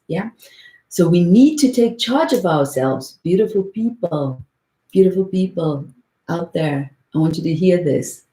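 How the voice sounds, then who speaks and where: A woman's voice: low-pitched, mellow, reverberant, poor audio. A woman in her forties teaching meditation on a call in an earnest way, often repeating words for emphasis and checking in with "right?". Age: 40s. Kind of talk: motivational talk on a call.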